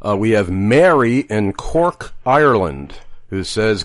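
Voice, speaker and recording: A man with a fairly low voice hosts a radio talk show and brings in listener questions. He sounds friendly and lightly joking, and the sound is dry, with no room echo. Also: sing-song, takes it slowly.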